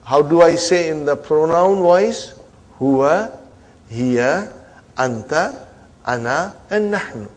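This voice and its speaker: A man leads a classroom Arabic grammar lesson in English. His voice sits a little high, and he keeps drilling the students with repeated questions and quick prompts, weaving in Arabic and Islamic phrases. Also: lively intonation. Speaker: Arabic teacher.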